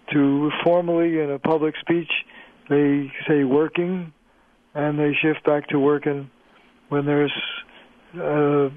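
An older man, a linguistics professor, explaining points in a measured way as a guest on a radio interview over a phone line. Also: on the high side, no echo.

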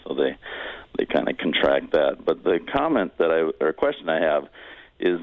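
A man's voice: a bass voice, very animated, normal speed, no echo. A man from Wisconsin calling in to a radio show, asking his question in a rambling, hesitant way over the phone. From Wisconsin, USA. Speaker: caller. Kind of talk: call-in question. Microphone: telephone. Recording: phone line.

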